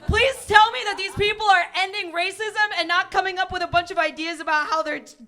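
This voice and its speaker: A woman's voice: very high-pitched, fairly quick, slight background noise. A young woman doing a rambling, giggly stand-up set on a small club stage. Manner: rambling, giggly, deadpan-absurd. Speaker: stand-up comic. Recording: live club crowd audible. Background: audience laughter.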